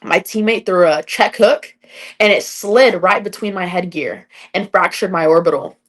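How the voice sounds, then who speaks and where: A woman's voice: lowish voice, normal speed. A young adult woman, an MMA fighter, chatting as a podcast guest and telling stories, with lots of "like" fillers. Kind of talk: casual interview storytelling.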